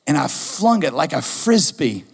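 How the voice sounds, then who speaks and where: A middle-aged man preaching a sermon as a pastor, telling a story in an animated, humorous way. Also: fairly high pitch, measured pace, gravelly, breathy edge. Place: church auditorium. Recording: long hall reverb.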